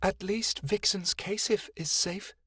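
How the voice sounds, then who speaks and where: A man's voice: very high-pitched, big pitch swings, normal speed, a bit bright, dry recording, studio quality, pitched above the performer's own voice, heavily acted. A man voicing a small, fierce female fairy warrior who speaks of herself in the third person, in an audiobook. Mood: tearful.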